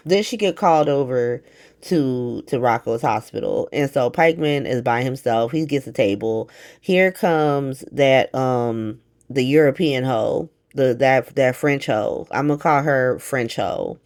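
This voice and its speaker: A woman recapping a soap opera in a casual, profane, slangy monologue with lots of asides. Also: very deep voice. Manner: profane, animated, slangy retelling with quick asides.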